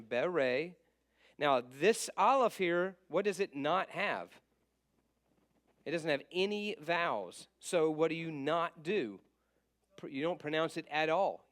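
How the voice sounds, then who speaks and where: A man with a fairly high voice leads a casual lesson. He asks the class questions and then answers them himself. He stays patient and apologizes when he trips over his own material. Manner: patient, stops to fix slips and apologizes. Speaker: teacher.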